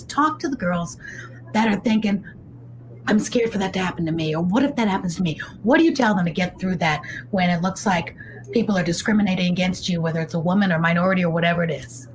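A woman's voice: mid-range voice, slight background noise, poor audio. A woman hosting an interview show, talking with her guest in an enthusiastic, effusive way. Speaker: show host. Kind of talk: conversational interview.

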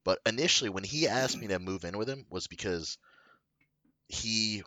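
A man's voice: fairly low pitch, normal speed, pushed and bright, no echo. A man telling a long story in casual chat, rambling with lots of fillers and swearing. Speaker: podcast co-host telling a story.

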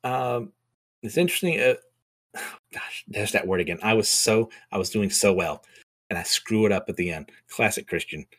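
A man's voice: fairly low pitch, animated, normal speed, fairly bright tone. A man hosting a casual comic recap show, chatty and self-deprecating, with many fillers. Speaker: comic book podcast host.

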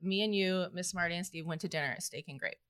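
Woman podcast co-host, bright voice, animated storyteller, dry sound. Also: fairly low pitch, fast, smooth, no echo. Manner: animated storyteller who laughs often. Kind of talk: casual podcast chat.

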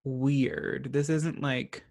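A young man from Virginia talks through a film in a casual podcast chat. He is sarcastic and quick with comic asides, and his voice sits at an ordinary middle pitch. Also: little pitch movement, a little mellow. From Virginia, USA. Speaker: podcast co-host.

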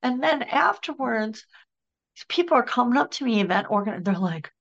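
A woman guest speaker telling a story in an interview, often dropping to a soft whisper. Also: medium pitch, moderate pace, muffled recording. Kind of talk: conversational interview.

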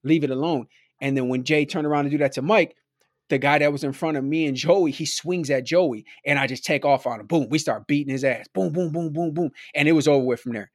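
Higher-voiced man telling a street story. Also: a little fast, no echo, clean studio sound. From Milwaukee, USA. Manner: rambling, peppered with "like" and "right?". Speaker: podcast guest. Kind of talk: casual storytelling.

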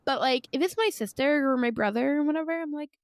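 A woman's voice: high voice, quick pace, no echo, clean studio sound. An American woman hosting a podcast, chatting in a supportive way and laughing easily. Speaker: podcast host. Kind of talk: casual chat.

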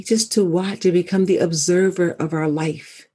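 A woman in casual conversation, speaking reflectively and with animated storytelling as a wellness coach. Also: lowish voice, moderate pace, husky.

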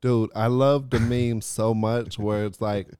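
A man's voice: lowish voice, steady tone, unhurried, dark tone, smooth, dry recording, clean studio sound. A man co-hosting a podcast in casual chat, laid-back and laughing often, with lots of "like" and "dude.". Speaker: podcast co-host.

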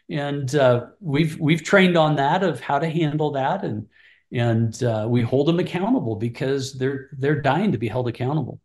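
A man's voice: mid-range voice, moderate pace, echoey room. A middle-aged man, a ministry leader, earnestly telling mentoring stories in an interview, acting out both sides of past conversations. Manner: earnest, animated retelling of conversations with restarts.

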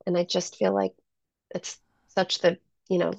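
Gravelly-voiced enthusiastic businesswoman. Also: fairly low pitch, big pitch swings, measured pace, a little mellow, dry recording. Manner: enthusiastic storyteller. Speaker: guest, salon owner. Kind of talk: casual interview. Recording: slightly muffled dry sound.

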